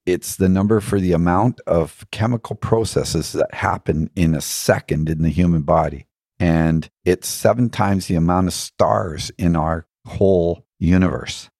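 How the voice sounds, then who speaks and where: A man with a very low, husky voice tells spiritual stories in an earnest, musing way. He often asks rhetorical questions and laughs from time to time. The sound is dry and close. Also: unhurried, darkish tone, dry recording. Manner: laughs now and then while telling stories. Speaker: podcast guest. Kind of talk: reflective spiritual storytelling.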